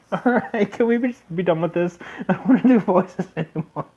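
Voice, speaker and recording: A man's voice: high-pitched, a little slow, a little mellow, husky, muffled recording. A young man casually commenting on a game he plays, joking and laughing. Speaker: let's play host.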